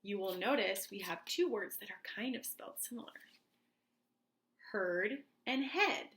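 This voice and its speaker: A woman teacher speaking slowly and clearly to young children in a reading lesson, leading the class through words to repeat. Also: mid-range voice, fairly bright tone. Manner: slow, clear and encouraging, like a teacher to small kids.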